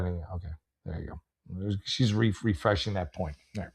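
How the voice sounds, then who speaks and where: A man's voice: deep voice, moderate pace, vocal fry, slightly rough. A man hosting a casual advice show, blunt and sarcastic, rambling with lots of fillers and restarts. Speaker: host giving advice.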